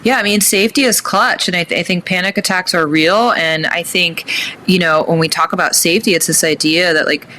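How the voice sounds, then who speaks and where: A woman guest talking casually about breathwork in an interview, animated and emphatic. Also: a little fast, a little hiss or hum. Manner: animated, rising pitch on emphasis.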